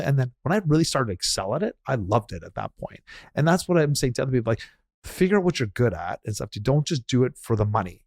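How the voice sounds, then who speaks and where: Man, podcast host, quick chatty delivery, mid pitch, dry close sound. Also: big pitch swings, a little mellow, dry recording. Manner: fast, chatty, restarts and laughs. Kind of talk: casual interview chat.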